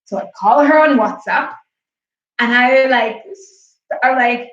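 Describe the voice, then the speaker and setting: A woman's voice: on the high side, slow pace, a bit bright. A woman in her late twenties hosting a livestream, telling a personal story in a candid, heartfelt, chatty way. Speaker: livestream host. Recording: echoey, distant and muffled.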